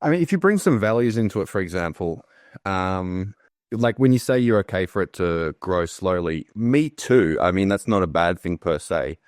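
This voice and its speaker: A man with a very low voice argues his case in a casual online group discussion. He presses the others with pointed questions. The sound is dry and close. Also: animated, moderate pace, no room sound. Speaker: discussion participant.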